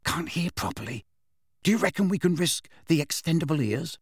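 A man voicing a mischievous teenage boy with a cheeky, quick way of talking. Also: a little high, husky, no room sound, studio quality, voice pushed up.

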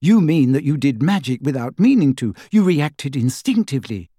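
Gentle clever girl, read by a male narrator, raised pitch, lively and close. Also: normal speed, no room sound. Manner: gentle, reasoning.

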